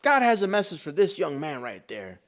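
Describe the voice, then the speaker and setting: A man's voice: fairly high pitch, wildly swooping pitch, brisk, background noise, pitched above the performer's own voice. A man doing a fervent, urgent preacher. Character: fervent male preacher calling out a stranger.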